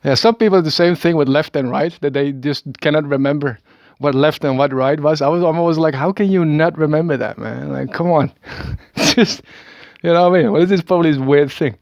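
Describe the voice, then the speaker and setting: A Dutch video maker in his thirties, speaking with a Dutch accent, rambles through a self-recorded monologue, hesitating, stammering into restarts and letting out small chuckles. His voice sits on the high side with fairly even intonation and a slightly quick pace. The recording has no echo, but the highs are cut off.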